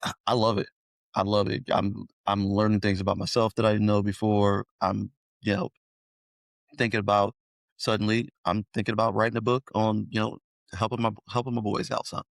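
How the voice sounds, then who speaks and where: A middle-aged male podcast host in casual chat, effusive and halting with many restarts. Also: on the low side, little pitch movement, creaky, no echo. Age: middle-aged or older.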